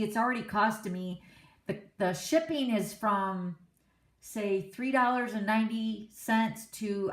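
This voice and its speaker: A middle-aged woman hosting a card-making class, chatting in a rambling, casual way and laughing often. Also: medium pitch. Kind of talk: casual chat during a live stream. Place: home craft classroom. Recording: echoey room.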